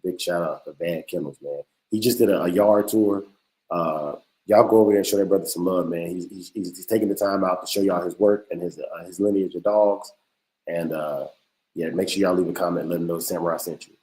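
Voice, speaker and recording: A man's voice: sits low, fairly even intonation, brisk, dark tone, poor audio. A man hosting a podcast livestream in a laid-back, slangy way, often repeating words. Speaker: podcast host. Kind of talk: casual livestream chat.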